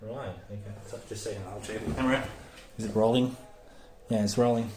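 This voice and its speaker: A man's voice: lowish voice, steady tone, fast talker, a crowd in the background. A man hosting his channel, interviewing a guest with loose questions full of fillers. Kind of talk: casual interview. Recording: echoey, distant, with ambience.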